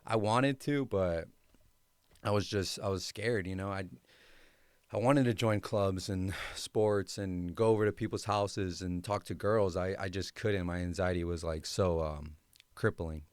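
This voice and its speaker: Laid-back young man, low smooth voice. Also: measured pace, dry recording, clean studio sound. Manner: laid-back, slangy, many fillers. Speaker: podcast host. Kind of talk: casual personal storytelling.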